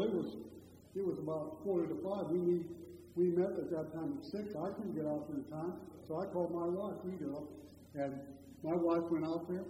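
A high-voiced man delivers a sermon, with loud, drawn-out emphasis that falls to hushed storytelling. The sound is dull and lo-fi, carrying a long echo from a large hall. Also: slight background noise. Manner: emphatic, swings from loud slow stresses to quiet storytelling. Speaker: preacher.

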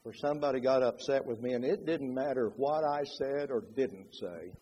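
A man preaching a sermon in an animated way, acting out quotes with changing loudness. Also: mid-range voice, normal speed, husky, long reverb tail, lo-fi sound.

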